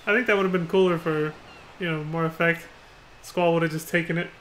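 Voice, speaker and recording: A man's voice: fairly high pitch, steady tone, fairly quick, a bit bright. A man streaming a video game, chatting casually, swearing and acting out lines as he comments. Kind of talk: gameplay commentary.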